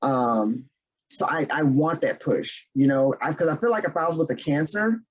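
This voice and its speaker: A woman co-hosting a podcast, chatting candidly about her relationships with a relaxed, laughing manner. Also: low voice, moderate pace, slightly rough, lo-fi sound. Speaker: podcast co-host. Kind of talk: casual chat.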